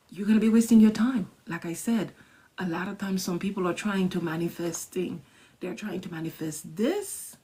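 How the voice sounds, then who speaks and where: A woman wellness coach leading a manifestation exercise, soft and measured, repeating each phrase and stressing key words. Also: on the low side, slightly rough. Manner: soft and measured, dipping into whispers. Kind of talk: guided manifestation instruction.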